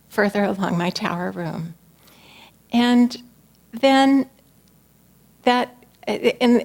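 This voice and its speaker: A woman shares a personal spiritual talk with her community in a gentle, earnest tone. Her voice sits at an ordinary middle pitch, and she speaks reflectively, at times softening to near a whisper.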